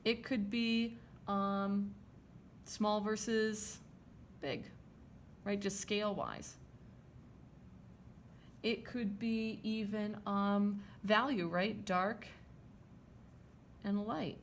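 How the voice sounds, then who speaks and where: A woman's voice: mid-range voice, very slow, long pauses, slight background noise. A woman art teacher talking through a drawing demonstration, chatty and checking in with her students as she draws. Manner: chatty, checks in with "okay?" and "right?".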